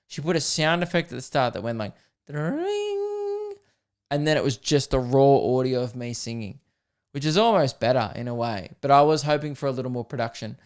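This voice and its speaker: Young Aussie male podcast host, loose and jokey, casual swearing, medium pitch, clear tone. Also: fast talker. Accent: Australian. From Australia. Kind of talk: casual solo podcast chat.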